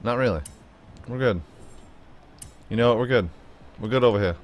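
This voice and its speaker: A man giving playful, chatty gameplay commentary, talking to his car and his viewers. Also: normal speed. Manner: playful, chatty, talks to the car and viewers, jumps into high silly tones. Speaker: gaming YouTuber.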